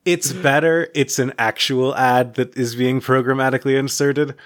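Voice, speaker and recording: Podcast guy rambling thru a story, lots of "like", laughs while talking, normal pitch. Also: fairly even intonation, moderate pace, a bit bright. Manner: rambling storyteller, full of "like" and restarts, laughing mid-sentence. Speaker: podcast co-host. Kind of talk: casual chat.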